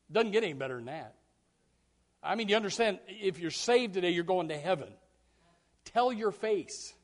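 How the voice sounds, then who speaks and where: Male pastor with a high voice, emphatic sermon delivery, word repetition, big swings from hushed to loud. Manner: emphatic preaching, repeats key words, stumbles on restarts.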